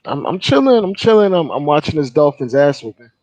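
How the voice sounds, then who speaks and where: A man's voice: on the high side, sing-song, a little fast, a little mellow, poor audio. A man joining a casual podcast chat as a guest, easygoing, with small stammers. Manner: easygoing, stammers a little, laughs often.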